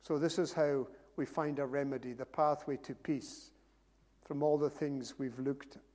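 A man's voice: mid-range voice, steady tone, moderate pace, a little mellow. A man preaching a sermon, earnest and rising to emphatic repeated phrases. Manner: earnest, builds to emphatic repetition. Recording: long hall reverb.

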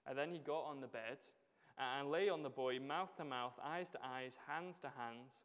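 A man preaching a sermon at an ordinary middle pitch, his voice trailing off into the long reverb of a church hall. He keeps it conversational and tags his points with questions to the congregation. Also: moderate pace, a bit bright, clean tone. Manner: conversational, with frequent rhetorical tag questions.

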